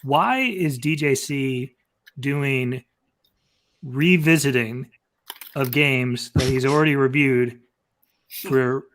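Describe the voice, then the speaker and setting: A man hosting a casual gaming talk show, putting questions to the panel in a measured, wry way. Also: medium pitch, a bit bright. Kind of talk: casual chat.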